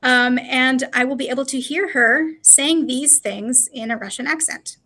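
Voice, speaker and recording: A woman's voice: high-pitched, a little slow, sharp tone. A woman presenting a live webinar walkthrough, chatty and explanatory, with frequent fillers. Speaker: presenter of a live product demo.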